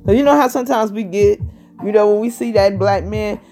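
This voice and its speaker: A woman's voice: medium pitch, a little fast, dark tone. Woman, 50s, vlogger; chatty, rambling monologue; faint music under it. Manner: chatty, rambling, constantly asks "you know what I mean". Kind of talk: casual vlog monologue.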